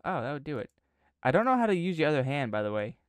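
A man hosting a casual gameplay video, excitable and yelping, given to playful trash talk. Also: on the high side, fast talker, clean tone, no room sound. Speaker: gaming video host.

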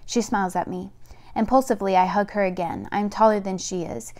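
A woman reading a novel aloud in a plain, steady first-person narration with small stumbles. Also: medium pitch, a little fast. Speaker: audiobook reader.

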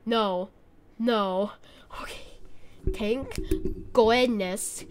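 A woman's voice: fairly high pitch, drawn-out words, background noise. A woman giving gameplay commentary from a cold bedroom, jittery and squealing when scared, apologizing often. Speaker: gaming YouTuber. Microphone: desk mic.

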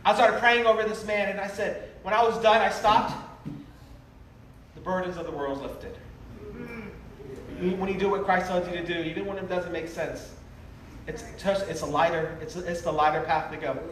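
A man with a high voice tells a revival testimony and acts out the people in his story. He sounds far from the mic, and his voice rings through a very echoey hall with faint room noise behind him. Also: steady tone, moderate pace, long pauses. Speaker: revival preacher giving testimony. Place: large revival meeting hall.

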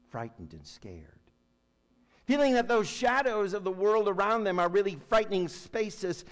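A man preaching a sermon as pastor, building to loud emphatic lines and then dropping to soft, quiet tones. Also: medium pitch. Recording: long hall reverb with faint hum.

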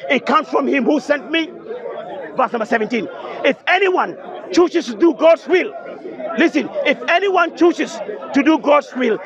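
A man debating religion at an outdoor speakers' corner, insistent and repetitive, citing verses emphatically. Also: extremely high pitch. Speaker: street debater. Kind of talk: open-air religious debate. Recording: dull outdoor recording with crowd. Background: crowd noise.

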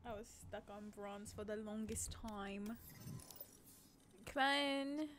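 A woman's voice: medium pitch, slow pace, noisy background. A woman streaming a game, chatting casually in a playful, giggly, teasing way. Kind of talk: casual gaming stream chat.

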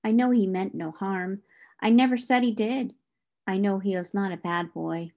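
Stern upset groom john read by a woman, gets higher and sharper when he's indignant. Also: moderate pace, dull audio, close to an everyday voice. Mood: sorrowful.

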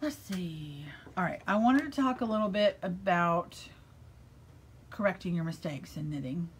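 A middle-aged American woman who owns a yarn shop, chatting casually and enthusiastically about knitting in her shop, gushing with breathy asides. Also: on the low side, animated, measured pace, a little hiss or hum. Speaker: yarn shop owner and vlogger.

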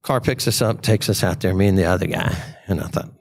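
A man's voice: low voice, fast, gravelly, slightly rough, dry recording. A man, a podcast guest telling a casual story and acting out the quotes in a raised voice. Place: trade show.

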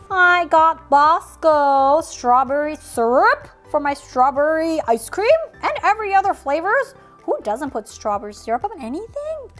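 High-voiced playful woman unboxing toys. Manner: silly, playful, makes sound effects. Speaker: toy unboxing host. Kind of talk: playful toy unboxing narration.

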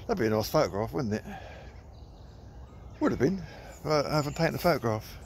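A man's voice: medium pitch, expressive, fairly quick, creaky, slight background noise. Chatty man out walking his dog. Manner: chatty, coaxing the dog in a sing-song voice. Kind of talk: casual running commentary. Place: outdoors in countryside with old trees.

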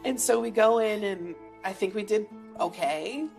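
A woman's voice: medium pitch, moderate pace, vocal fry, a little mellow, faint music behind. A middle-aged woman, an actress, telling stories in an interview in a chatty way, full of "like", acting out the voices in her anecdotes. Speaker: actor and singer, interview guest. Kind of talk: animated storytelling in a sit-down interview.

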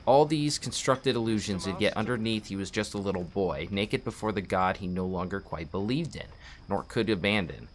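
A man playing through a game, reading a book aloud deliberately with small restarts, then making casual asides. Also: on the low side, lively intonation, a little hiss or hum. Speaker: game walkthrough player.

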